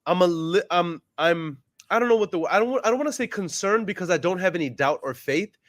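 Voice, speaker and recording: A man's voice: sits high, animated, quick pace, a bit bright, dry recording. Upbeat, polite male host; jokey and friendly, dry close mic. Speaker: real estate investor and vlog host. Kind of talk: casual phone call and chat.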